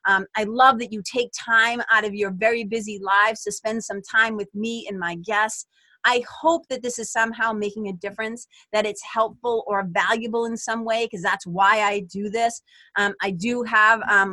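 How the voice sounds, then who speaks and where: Earnest bright-voiced woman podcast host. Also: medium pitch, level tone, normal speed, no echo. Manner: earnest, direct address to listeners. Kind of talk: spiritual self-help monologue. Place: small closet.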